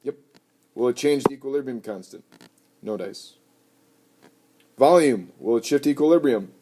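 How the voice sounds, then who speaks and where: A man teaching a chemistry lesson in a playful, jokey way with animated asides. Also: mid-range voice, normal speed. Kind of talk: recorded lecture. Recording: noisy recording with clicks.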